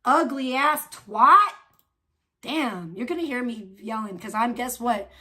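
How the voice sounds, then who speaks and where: High-voiced woman in a profane rant. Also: unhurried. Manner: loud, profane, scornful ranting. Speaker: livestream host.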